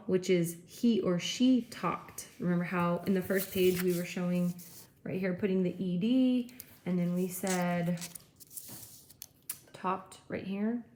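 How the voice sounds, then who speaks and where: A woman teacher with a mid-range, dark-toned voice gives a classroom lecture, explaining things step by step and often checking in with "okay." The recording has an echoey room sound and faint noise.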